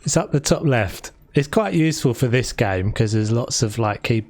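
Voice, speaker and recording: A man's voice: mid-range voice, expressive, normal speed, a little mellow, no room sound. Chatty London-accented male streamer, rambling and casual, dry close sound, mid-range voice. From South London. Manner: chatty and rambling, with frequent restarts. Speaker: game streamer. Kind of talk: casual live-stream chat while building.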